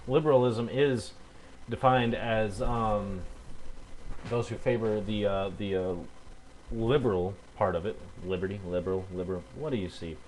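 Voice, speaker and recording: A man's voice: fairly low pitch, fairly even intonation, moderate pace, darkish tone, a little hiss or hum, poor audio. A young man delivering an angry, heated rebuttal rant into a webcam at home, cursing and stumbling over fillers. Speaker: video blogger.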